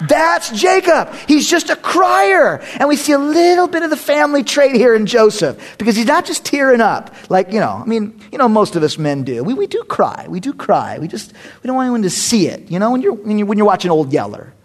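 A man's voice: extremely high pitch, big pitch swings, brisk. A man preaching a sermon as a pastor, joking and conversational, often breaking into laughter.

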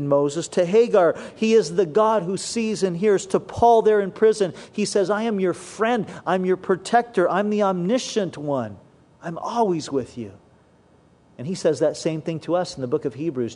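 High-voiced man preaching a sermon. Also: dark tone. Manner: earnest preaching, slows and drops low when quoting scripture. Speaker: pastor.

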